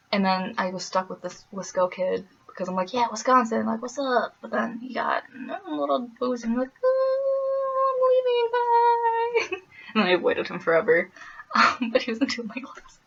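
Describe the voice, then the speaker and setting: A woman's voice: mid-range voice, a little fast, gravelly, pushed and bright, slight background noise. Young adult woman from the Midwest, laughing vlogger chat, slightly muffled recording. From American Midwest. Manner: chatty, laughing, full of fillers. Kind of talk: casual vlog chat.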